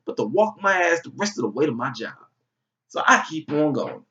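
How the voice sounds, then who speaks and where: A young man from Georgia in his twenties, telling a funny story in a vlog, animated and full of swearing. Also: medium pitch, moderate pace. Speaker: vlogger. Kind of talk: comic storytelling. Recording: dull, slightly distant recording.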